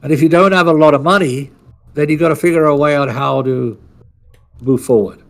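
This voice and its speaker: A man co-hosting a podcast, his voice rough with a gravelly, fried edge. He tells his story in a loose, rambling way, salty and blunt, often restarting his sentences. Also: a little high, a little fast. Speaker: podcast co-host.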